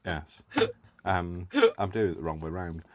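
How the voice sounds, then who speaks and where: A man's voice: deep voice, steady tone, unhurried. A man hosting a craft livestream from home, chatting casually and joking with frequent laughter. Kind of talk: casual chat while crafting.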